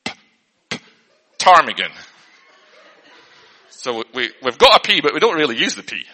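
A comedian gives a comic spelling lesson to an audience in an earnest teacher's patter, frequently getting flustered and breaking off mid-sentence. His fairly high voice is very animated, quick, and sharp in tone. A long hall reverb surrounds the recording.

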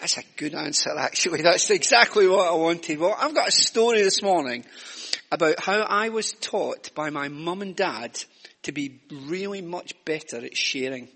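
A man's voice: on the high side, expressive, moderate pace, vocal fry, fairly bright tone. An older Scottish man giving a chatty, self-mocking children's talk during a church service. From Scotland. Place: church hall. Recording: reverberant church hall.

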